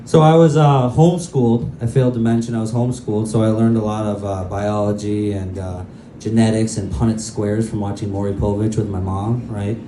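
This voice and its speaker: A man's voice: fairly low pitch, steady tone, a little fast, hardly any pauses, warm tone, slight background noise. A male stand-up comedian telling crude, self-mocking stories in a loose, rambling way on a comedy club stage. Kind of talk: stand-up set. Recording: roomy club with faint ambience.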